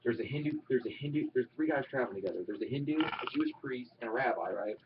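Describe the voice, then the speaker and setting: A man's voice: mid-range voice, very fast, recorded from a distance. A man telling a long joke at home in a rambling way, restarting lines and swearing. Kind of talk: casual home recording. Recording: dull lo-fi home recording with faint noise.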